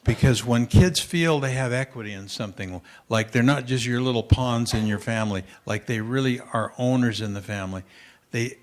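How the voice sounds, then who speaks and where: An older man giving a parenting talk at a conference, telling lively anecdotes to an audience and acting out his son's voice. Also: mid-range voice, normal speed. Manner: animated storyteller, acts out his child's voice. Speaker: parenting speaker.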